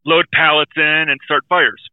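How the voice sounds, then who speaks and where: A man's voice: a little high, steady tone, normal speed, no room sound. Blunt rambling man on a tinny line. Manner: blunt, rambling, self-deprecating. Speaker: podcast co-host. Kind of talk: casual podcast chat. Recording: tinny phone-like sound.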